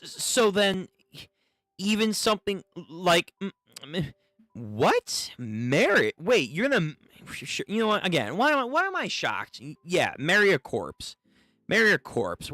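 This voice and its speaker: Lively, bright-voiced man reacting to manga. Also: a little high, a little slow, dry recording. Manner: animated, profane, stammering restarts. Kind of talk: casual reaction commentary.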